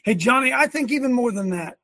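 A man leading a prayer gathering, talking in an animated preachy way and quoting scripture. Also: very high voice, normal speed, gravelly, husky, dry recording. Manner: animated, exclaims and quotes scripture. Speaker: leader of a men's prayer gathering. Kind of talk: preachy casual chat.

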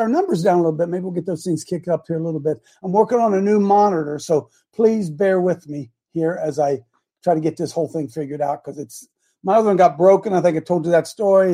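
A middle-aged man hosting a casual morning show, rambling and repeating himself, with sudden loud outbursts. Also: sits high, fast talker. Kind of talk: casual live-stream talk.

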